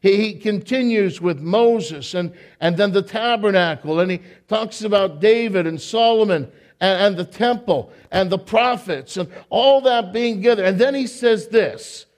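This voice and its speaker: A man preaching a sermon to a congregation in church, animated, repeating his words and tossing in joking asides. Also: high-pitched, measured pace. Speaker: pastor.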